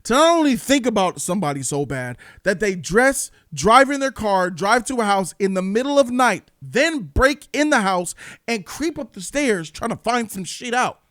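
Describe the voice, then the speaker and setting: A man with a high-pitched voice hosts a casual movie review, ranting and retelling scenes in animated bursts. The sound is dry and close, with no room echo. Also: normal speed. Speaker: movie review channel host.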